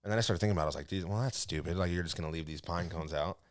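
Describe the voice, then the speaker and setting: A man's voice: sits low, very fast. A man co-hosting a podcast, telling a funny story in casual chat and laughing often as he goes. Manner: laughs often while telling stories, animated. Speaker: podcast co-host.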